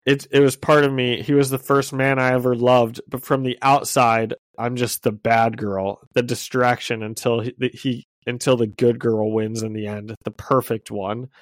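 A wistful, guarded female cat burglar, read out by a man in a soft, lowered tone. The sound is dry and close, with no room echo. It is a comic book read aloud on a podcast. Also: little pitch movement, normal speed, few pauses, natural voice.

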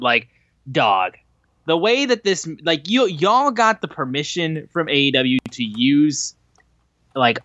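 A man's voice: a little high, sharp tone, no room sound, dull audio. A man co-hosting a casual wrestling podcast, ranting in a heated, emphatic and profane way. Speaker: podcast co-host.

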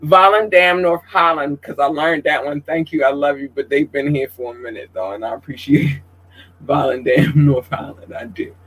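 A fairly high-voiced man with a drawl chats loosely on his livestream. He talks with open emotion, plain-spoken and cursing freely, in an animated, heart-on-sleeve way. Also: moderate pace, poor audio. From Georgia, USA. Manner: emotional, outspoken, profane, animated. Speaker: livestream host. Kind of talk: casual livestream chat.

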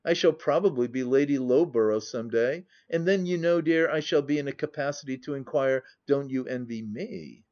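A man reading an audiobook, voicing a spiteful, envious young society woman in a high, arch, needling voice. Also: normal speed, few pauses, darkish tone, highs cut off, lightly acted.

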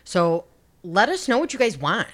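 A woman's voice: medium pitch, sing-song, moderate pace, a bit bright. A woman co-hosting a podcast in casual chat, talking freely, laughing often and swearing. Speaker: podcast co-host.

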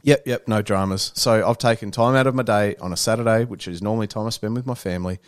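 A man's voice: fairly low pitch, steady tone, fast. An Australian man in casual podcast chat, swearing freely and acting out the people he quotes. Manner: swears often, acts out quoted dialogue.

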